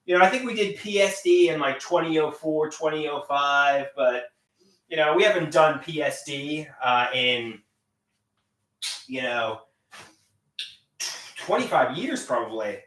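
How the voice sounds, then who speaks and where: A man chatting on a live stream in a goofy, self-mocking way, breaking into shouted silly songs. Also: fairly high pitch, unhurried, pauses often, recorded from a distance. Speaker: livestreamer. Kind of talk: rambling live stream chat with silly singing. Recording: echoey room, voice set back from the mic.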